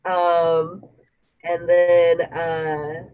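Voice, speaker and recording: Woman, tabletop player, slow pace, casual, lo-fi call audio. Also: on the low side, little pitch movement, a little mellow, smooth, soft background music. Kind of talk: tabletop game play over a call.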